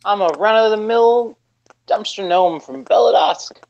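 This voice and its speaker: A man's voice: high-pitched, unhurried, a little mellow, highs cut off, voice pushed up. A man voicing a brash, scrappy male dumpster gnome who answers back indignantly.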